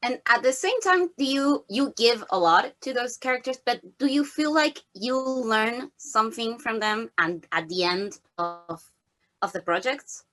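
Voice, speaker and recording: A woman with an Argentine accent, a native Spanish speaker, asking an actress questions in chatty, slightly halting English. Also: fairly high pitch, fairly bright tone. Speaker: film interviewer. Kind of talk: interview questions.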